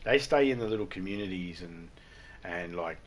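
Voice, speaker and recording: A man's voice: sits low, expressive, moderate pace, a little hiss or hum. A man with an Australian accent chatting on a live game stream, telling rambling, swearing stories and laughing at his own jokes. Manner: rambling, profane, laughs often, acts out drunks loudly. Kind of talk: casual storytelling chat.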